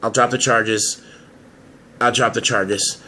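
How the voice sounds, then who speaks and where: A man's voice: mid-range voice, fairly even intonation, slow, sharp tone, full character voice. A man voicing a panicky young man in an amateur soap drama who stammers and pleads. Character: panicky young man, a cornered liar, begging.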